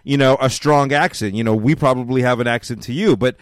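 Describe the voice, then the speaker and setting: A man's voice: mid-range voice, fairly quick, clear, resonant tone, no room sound, studio quality. A man hosting a casual interview, easygoing and repeating his friendly affirmations. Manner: easygoing, repeats phrases like "I hear ya". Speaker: interview host.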